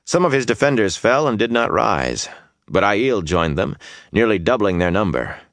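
A man reading fantasy fiction aloud in a measured, even audiobook narration on a close studio mic. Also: lowish voice, dry recording.

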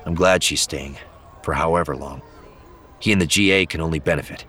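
A man's voice: very deep voice, a little fast, bright, forceful tone. A man doing a dry sarcastic young leader. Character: dry, sarcastic young male head of state.

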